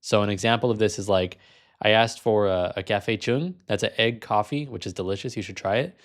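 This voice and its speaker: Male vlog host, slightly low voice, frank casual delivery. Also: a little fast. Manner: casual, frank, sometimes amused. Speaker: language learner and video host.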